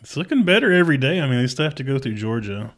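A man co-hosting a church podcast, chatting casually in brief, relaxed replies. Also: mid-range voice, racing. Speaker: podcast co-host. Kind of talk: casual chat.

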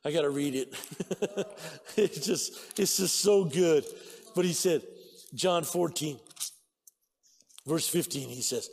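A man preaching a sermon as pastor, excitable, breaking into shouts and laughter. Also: on the high side, takes it slowly, vocal fry, long pauses, slightly rough, big-room sound. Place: church sanctuary.

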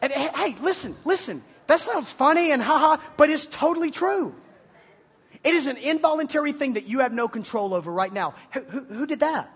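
A man preaching to students in a lively, joking way, and he often slips into mocking voices to imitate his listeners. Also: very high voice, a little fast. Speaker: youth pastor. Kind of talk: energetic youth sermon. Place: room with a live audience of students.

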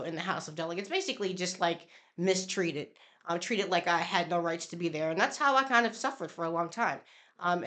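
Earnest, lower-voiced woman politician. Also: fairly bright tone. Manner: earnest, emphatic, incredulous. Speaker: state senator, guest. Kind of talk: conversational interview.

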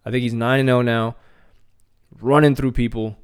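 A man hosting a podcast, chatting casually and excitedly about MMA news, often repeating words and restarting his phrases. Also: medium pitch, moderate pace, pauses often, clear, resonant tone. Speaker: podcast host.

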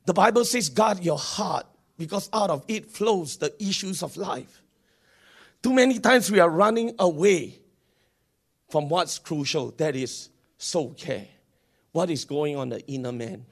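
A man leading a congregation in fervent prayer, repeating invocations and rising to shouts. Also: fairly high pitch, expressive, unhurried, gravelly, husky. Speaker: pastor. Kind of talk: sermon prayer.

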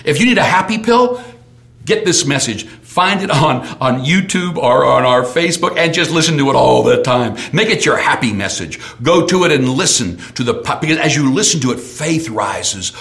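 Man preaching, hushed to shouting. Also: mid-range voice, lively intonation, normal speed, gravelly. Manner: swings from soft near-whispers to sudden shouts. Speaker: pastor. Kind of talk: sermon.

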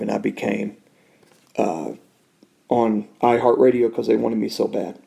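A man, a Christian podcast host, giving an emotional personal testimony in a studio, swinging from loud and high to soft and hushed. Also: gravelly.

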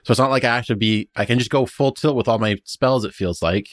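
A man's voice: mid-range voice, fast, dry recording, studio quality. A man playing in a tabletop game, chatting casually in a rambling, enthusiastic way with many restarts. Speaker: player.

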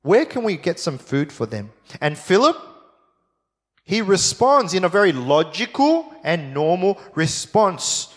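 A man preaching a sermon, telling the story in a lively, jokey way and acting out the voices of the people in it. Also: sits high, a little slow, long reverb tail.

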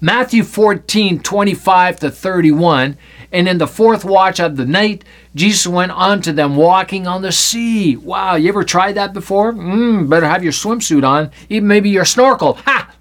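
High-voiced man teaching the Bible playfully. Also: a little slow, a bit bright. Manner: playful, acts out scripture with put-on voices.

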